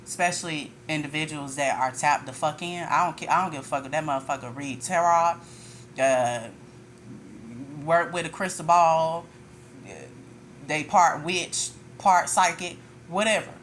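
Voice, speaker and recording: A woman's voice: low-pitched, moderate pace, a little hiss or hum. A woman tarot reader ranting in a casual monologue, blunt and profane, with frequent laughter.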